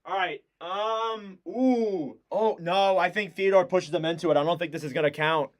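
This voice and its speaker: A young man doing live play-by-play commentary as a fan streamer, excitable and shouting on big plays. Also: high voice, normal speed.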